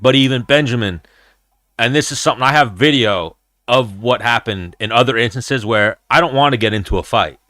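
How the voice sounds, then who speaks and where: A man hosting a loose live-stream chat about combat sports, his voice bright and forceful. He tells profane, animated stories in a relaxed way. The sound is dry and close, with no room echo. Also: mid-range voice, fairly quick. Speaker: live-stream host and former fighter.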